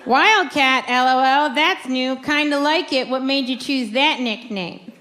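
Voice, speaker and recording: A woman performing a stand-up comedy set, telling a story and acting out quoted lines with animated delivery. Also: high-pitched, measured pace. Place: comedy club stage with audience. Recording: live club recording with crowd noise. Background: audience laughter.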